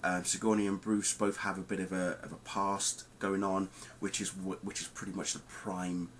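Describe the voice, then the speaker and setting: A man giving a casual spoken film review, animated and emphatic, talking straight to his viewers with plenty of ums. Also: low-pitched, moderate pace, slight background noise, rough recording. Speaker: movie reviewer.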